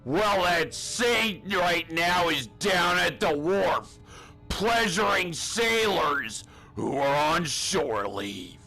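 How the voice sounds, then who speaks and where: A crude, bullying drill sergeant, as a man puts him on, barking slow, deliberate orders. The voice is bright and pushed, with a gruff, mocking edge, and the delivery stays unhurried. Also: high-pitched, animated, soft background music, full character voice. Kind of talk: comedic spoof acting.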